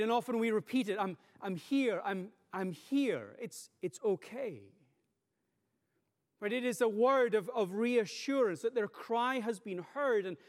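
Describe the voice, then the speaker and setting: Male pastor, high voice, earnest teaching sermon, long hall reverb. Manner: earnest teaching with frequent "right?" checks. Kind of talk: expository sermon.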